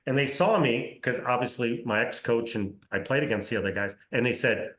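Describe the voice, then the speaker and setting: A man in his sixties, a podcast guest telling career anecdotes in a casual, animated way, often acting out reported dialogue and checking in with "right?". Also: medium pitch, a little fast. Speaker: interview guest, soccer league commissioner. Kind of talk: casual storytelling in a podcast interview. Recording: roomy echo.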